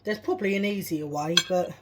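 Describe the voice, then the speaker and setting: A woman's voice: fairly low pitch, brisk. A woman vlogger chatting casually through each step of her home cooking, laughing at herself as she goes. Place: home kitchen. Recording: kitchen clatter noise in background. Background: clattering dishes and cutlery.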